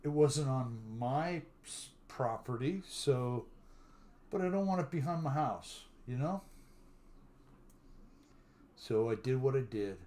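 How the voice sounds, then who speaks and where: A man's voice: medium pitch, expressive, mellow. An older man hosting a live stream, telling stories in a casual, drawling way and greeting viewers by name. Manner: chatty storyteller who greets viewers by name; drawling, unhurried talk.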